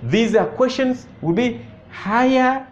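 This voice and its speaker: A man's voice: very high voice, lively intonation. A man with a Tanzanian accent teaching a language lesson, patient and repetitive, often checking with "you see that?". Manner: slow, patient, repeats phrases and asks "you see that?". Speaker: Swahili teacher. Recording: muffled lo-fi recording.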